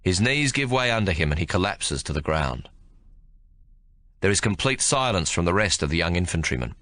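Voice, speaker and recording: A male audiobook narrator tells the story with animated pitch and a forward, bright voice. His voice sits fairly low. The recording is close and dry. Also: moderate pace, no echo. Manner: expressive storytelling with lively pitch. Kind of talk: scripted narration.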